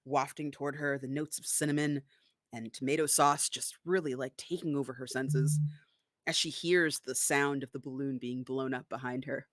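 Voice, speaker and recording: A woman narrating an improvised story in a casual, lively way. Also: very deep voice, normal speed, no echo, studio quality.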